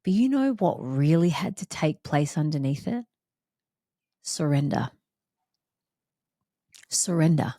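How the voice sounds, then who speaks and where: A woman's voice: deep voice, sing-song, normal speed, few pauses, warm tone, no echo, clean studio sound. A woman hosting a reflective solo podcast, talking in an emphatic, repetitive, heartfelt way. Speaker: podcast host.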